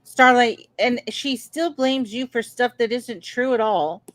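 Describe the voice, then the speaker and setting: A woman co-hosting a casual livestream, speaking in a measured, critical way and greeting viewers. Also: a little high, no room sound.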